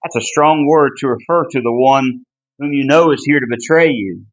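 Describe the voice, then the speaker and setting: A man teaching a Bible class, earnest and emphatic, with a deliberate delivery and small restarts. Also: medium pitch, rough recording. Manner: earnest and emphatic, pleading in tone when driving a point home. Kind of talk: Bible study lesson.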